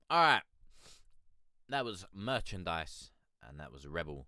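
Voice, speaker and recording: A man's voice: low-pitched, sing-song, takes it slowly, long pauses, sharp tone, smooth, no echo, studio quality. A man hosting a live music-review stream, rambling and hesitant as he gives casual feedback, sleepy and yawning, swearing now and then. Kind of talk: casual livestream commentary.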